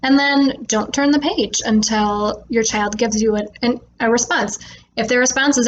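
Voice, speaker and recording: Woman coaching parents, relaxed and clear. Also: fairly high pitch, highs cut off, a little hiss or hum. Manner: relaxed explaining with frequent "um" fillers; slows and stresses words when modeling for children. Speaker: speech therapist. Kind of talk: instructional talk to parents.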